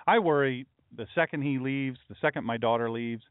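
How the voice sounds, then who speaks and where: A man's voice: medium pitch, fairly quick, no echo. A middle-aged man, a pastor, chatting casually on a livestream with folksy, rambling asides to his chat. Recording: dry, phone-like lo-fi audio.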